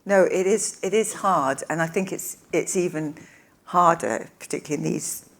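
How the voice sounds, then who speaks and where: A woman, an interview guest, chatting on a conference stage and often laughing as she talks. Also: lowish voice. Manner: giggly, quick to break into laughter. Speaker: interview guest, evangelist's wife. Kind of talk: casual stage conversation. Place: conference stage before an audience.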